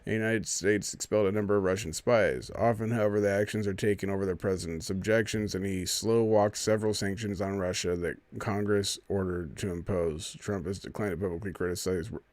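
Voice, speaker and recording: A man's voice: low-pitched, fairly even intonation, a little fast, few pauses, darkish tone, no room sound. A man hosting a live stream, reading out a news fact check and arguing with it in an indignant, sarcastic running commentary.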